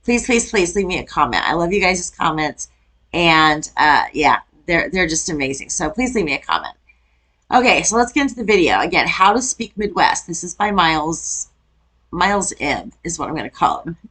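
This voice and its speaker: A woman from Wisconsin hosts a casual reaction video. Her voice sits a bit low and she talks in a chatty way, often breaking into exclamations. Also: big pitch swings, normal speed, pushed and bright, low-quality recording. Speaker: YouTube reaction host.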